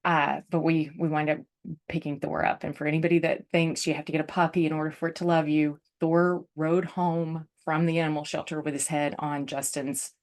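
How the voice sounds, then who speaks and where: A woman's voice: low-pitched, little pitch movement, a little fast, a little mellow. A woman host telling a personal story in a casual, chatty way, full of "like" and "um", and openly emotional. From United States. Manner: chatty, lots of fillers like "like" and "um", emotional.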